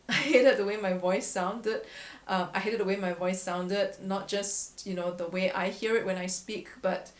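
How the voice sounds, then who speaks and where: A woman voice coach speaking in a candid, reflective vlog voice at a middle pitch. She laughs at herself now and then, and her voice rings in a roomy, echoey space. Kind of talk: casual vlog talk to camera. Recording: echoey room.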